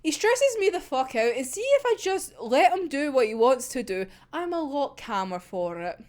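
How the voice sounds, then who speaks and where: A woman voicing a blunt, fed-up young man in her own everyday voice, flat and dismissive. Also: sits high, moderate pace.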